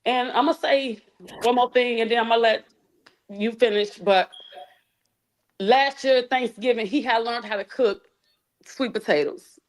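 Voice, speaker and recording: A woman with a fairly high voice, speaking as a mother in a live interview. She talks in a halting, heartfelt, colloquial way, circling back and restarting as she remembers. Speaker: mother of the deceased, guest. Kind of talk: emotional personal testimony in a live interview.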